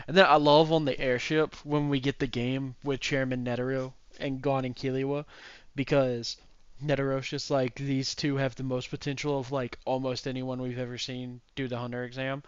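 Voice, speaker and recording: Guy on a podcast gushing about scenes, smooth clear voice, dry dull lo-fi sound. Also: mid-range voice, no echo. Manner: animated retelling, acts out characters' lines. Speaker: podcast co-host. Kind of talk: casual chat.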